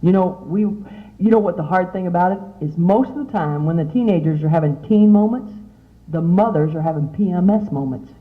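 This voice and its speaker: Middle-aged woman, youth speaker, chatty and animated; tinny lo-fi recording. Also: lowish voice, moderate pace. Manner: chatty, animated, asks the audience many questions. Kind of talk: motivational talk to teen girls. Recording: tinny, phone-like lo-fi sound.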